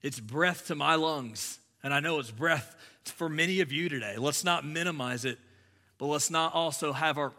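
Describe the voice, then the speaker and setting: Pastor, male, bright and forceful delivery, conversational sermon with loud emphatic peaks. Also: fairly high pitch, unhurried, long reverb tail.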